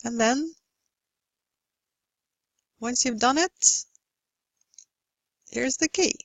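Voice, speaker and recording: A woman teaching English pronunciation in a recorded lesson, speaking in a careful, deliberate way and stretching out example words. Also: high voice, creaky, dry recording, poor audio. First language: Norwegian. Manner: slow, careful, deliberate delivery with exaggerated model words.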